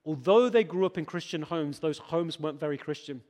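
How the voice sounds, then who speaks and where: A man preaching a sermon, stammering on repeated words, then building to emphatic, forceful peaks. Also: on the high side, a little fast. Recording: long hall reverb.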